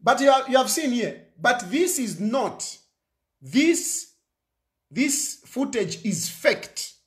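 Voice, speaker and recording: A man's voice: extremely high pitch, sing-song, slow pace, reverberant. Impassioned man, rhetorical questions. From Zambia. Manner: repetitive, rhetorical questions, emphatic. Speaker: politician speaking to camera. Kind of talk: impassioned political commentary.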